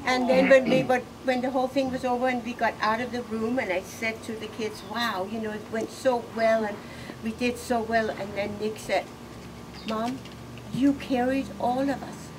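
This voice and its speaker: A middle-aged woman giving a personal eulogy, halting and emotional, laughing through tears. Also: fairly high pitch, flat delivery, far from the mic. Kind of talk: personal eulogy, casual storytelling. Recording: noisy room ambience.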